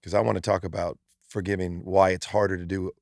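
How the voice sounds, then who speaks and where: A man's voice: low-pitched, flat delivery, a little fast, vocal fry, no echo, studio quality. A man hosting a podcast, reflective and frank, swearing casually as he shares his thoughts. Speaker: podcast host. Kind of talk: casual chat.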